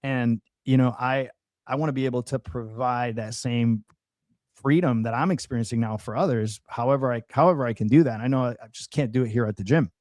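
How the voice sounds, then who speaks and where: Man telling his story in a mellow voice. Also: mid-range voice, fairly quick, no room sound. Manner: earnest storytelling with many restarts and fillers. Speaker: podcast guest. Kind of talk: personal testimony in conversation.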